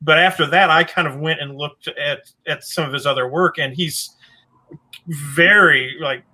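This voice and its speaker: A man's voice: fairly high pitch, measured pace, bright, forceful tone, rough recording. A man hosting a casual video interview, asking long, hedged questions with fillers. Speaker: interview host.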